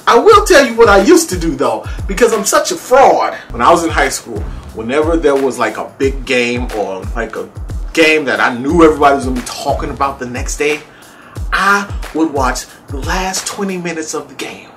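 A man's voice: animated, normal speed, fairly bright tone, faint music behind. Playful self-mocking man vlogging. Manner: playful, self-mocking, laughs often, pitch jumps up high for emphasis. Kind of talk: casual comedic vlog to camera.

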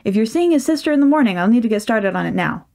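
A woman voicing a no-nonsense, bustling motherly aunt in a storybook reading, firm and brisk. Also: on the high side, expressive, gravelly, a little mellow, pitched above the performer's own voice.

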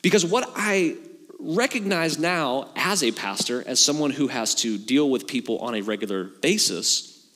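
Man, pastor, animated sermon, bright tone, reverberant church hall. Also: medium pitch, normal speed. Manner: animated storytelling with acted-out dialogue; casual, joking. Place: church sanctuary.

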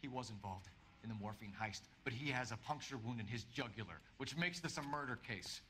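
Noir game cop: stern, clipped, lively pitch, can snap into threats. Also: male voice, a little fast, a little hiss or hum. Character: hard-nosed male 1940s police detective. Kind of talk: video game cutscene acting.

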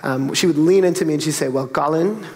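Guy preaching, kinda high voice, chatty then punchy, big reverby church room. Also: fast, a little mellow. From South Florida. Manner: conversational preaching with rising, emphatic peaks. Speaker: pastor. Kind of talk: sermon. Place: church auditorium. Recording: long reverb of a church hall.

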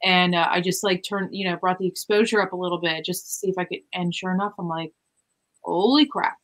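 A woman, a paranormal investigator, explaining in a relaxed, filler-heavy casual chat. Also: fairly low pitch, fast talker.

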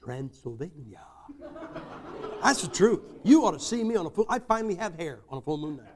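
An older American man preaching a sermon with a noticeably high-pitched voice. His delivery is folksy and joking, full of emphatic rises as he drives his points home. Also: animated, fast talker. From United States.

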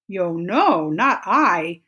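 A woman voicing a hasty rabbit in a storybook read-aloud who makes quick, dismissive excuses. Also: lowish voice, very animated, pushed and bright, slightly rough, heavily acted.

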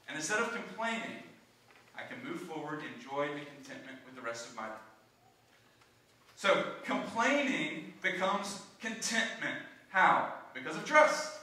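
A pastor preaching a sermon, his voice high and sharply bright. He hammers his main points home by repeating them. The sound is far from the mic and rings with heavy room echo. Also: expressive, moderate pace. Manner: emphatic, repeats key lines. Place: church sanctuary. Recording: echoey room, from a distance.

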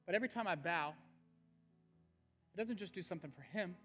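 In a church sanctuary, over faint background music, a man preaches earnestly and conversationally to the church he pastors. His high voice is a bit bright, and he speaks fairly quickly.

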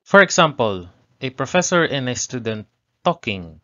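A man's voice: mid-range voice, big pitch swings, sharp tone. Man explaining grammar, dull lo-fi sound. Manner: repeats example phrases slowly with exaggerated intonation. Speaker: Japanese language tutor.

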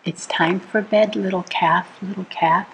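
A woman reading a bedtime picture book aloud to children, gentle and soothing, asking the listener little questions as she goes. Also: medium pitch, fairly even intonation, a little slow, slight background noise, low-quality recording. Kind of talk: read-aloud storytime.

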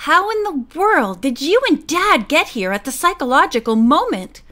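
A woman's voice: sits high, sing-song, normal speed, bright, forceful tone, voice pushed up, exaggerated voice. A woman voicing a brave teenage girl detective who speaks with urgent force. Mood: curious.

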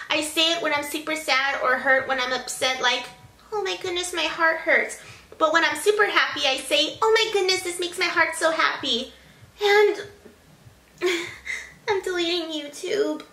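Indoors at home, a young woman vlogs to a handheld camera in a bubbly, casual style, punctuated by small sighs and laughs. Her voice is high, and the sound is roomy.

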